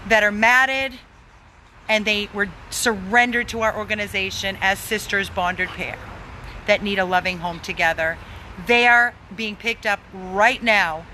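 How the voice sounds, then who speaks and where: Bright-voiced woman making an urgent plea. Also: mid-range voice, a little hiss or hum, low-quality recording. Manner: emphatic, repeats words for stress. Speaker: animal rescue organizer. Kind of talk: pleading fundraising appeal.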